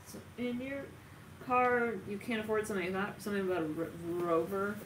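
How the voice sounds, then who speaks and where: A woman reads tarot in a loose, animated way, laughing and tossing in the odd curse word. Her voice sits at a middling pitch and sounds set back from the mic. The room rings around her, with a faint hum of ambience underneath. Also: fairly quick. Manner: animated, swears, laughs often, dramatic asides. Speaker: tarot reader. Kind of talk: casual tarot reading monologue. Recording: roomy, distant from mic, faint ambient noise.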